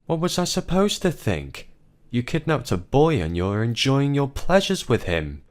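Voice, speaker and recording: A man voicing a distraught grown woman who confronts her husband, pleading and then shouting, in a story narration. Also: expressive, a little slow. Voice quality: low voice pushed higher for a woman.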